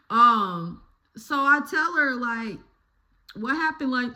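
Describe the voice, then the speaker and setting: A young woman YouTuber telling a childhood story in a casual, animated way, laughing and cursing freely. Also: a little high, slow.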